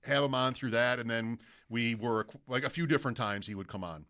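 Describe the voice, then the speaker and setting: A male sports radio host telling a long anecdote in casual studio chat, animated and mimicking broadcaster calls. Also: medium pitch, a little fast.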